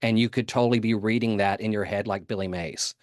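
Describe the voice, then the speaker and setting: A man's voice: fairly low pitch, steady tone, a little fast, no room sound, clean studio sound. A man giving a conference talk in a casual, humorous way, often laughing and putting on voices for quotes. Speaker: conference speaker.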